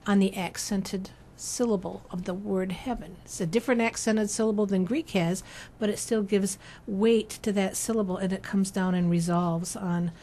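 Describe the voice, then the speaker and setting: A woman's voice: mid-range voice, fairly even intonation, moderate pace, few pauses, mellow, slight background noise. A woman composer and translator of church chant, explaining her method carefully in an interview and stopping now and then to sing short chanted phrases. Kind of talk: explanatory interview talk with sung examples.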